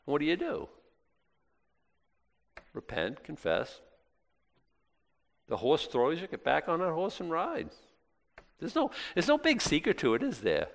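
A man's voice: medium pitch, wildly swooping pitch, moderate pace, pauses often, fairly bright tone. A male pastor preaching in a casual, conversational way, acting out little prayers and back-and-forth dialogue. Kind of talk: sermon. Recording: long hall reverb.

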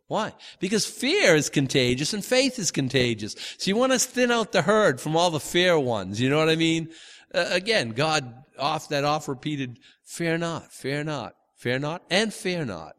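A man's voice: a little high, sing-song, moderate pace, fairly bright tone, in a large hall. A man teaching from the Bible in a loose, conversational way, stumbling over restarts and acting out the quotes. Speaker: preacher.

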